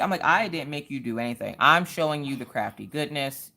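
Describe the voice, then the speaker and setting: A talkative woman runs a relaxed livestream, telling stories and greeting viewers by name. Her voice sits low but swings up and down a lot as she talks. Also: brisk, hardly any pauses. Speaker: livestream host. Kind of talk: casual livestream chat.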